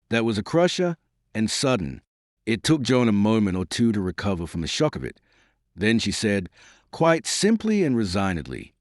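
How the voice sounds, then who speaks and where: A man narrating an audiobook novel in a reverent, measured storytelling manner. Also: lowish voice, big pitch swings, no echo, studio quality. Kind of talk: scripted narration.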